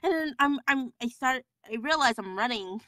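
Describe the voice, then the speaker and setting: An excitable woman talking as a podcast guest, with a high, bright voice that swoops up and down as she tells her stories. She gushes and runs on with enthusiasm, and the sound is dry and close. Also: moderate pace, no room sound. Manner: excitable, gushing storyteller. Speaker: guest voice actor. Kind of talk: casual podcast chat.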